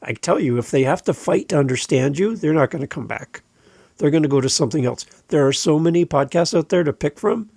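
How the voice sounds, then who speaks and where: A man's voice: a little high, lively intonation, fairly quick, vocal fry, a little mellow, husky, no echo. A man hosting a podcast and coaching other podcasters, giving advice in a direct, emphatic way and repeating his key points. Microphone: close studio microphone.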